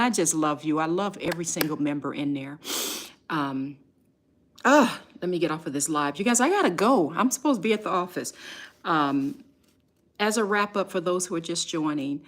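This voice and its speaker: A woman business coach hosting a live stream, pitching her community in an emphatic, emotional way and speaking straight to her viewers.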